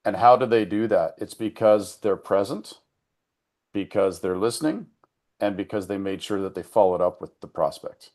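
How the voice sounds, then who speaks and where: Give me a man with a slightly low voice giving a casual, earnest talk to a business group. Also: moderate pace, darkish tone. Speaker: member giving an education segment.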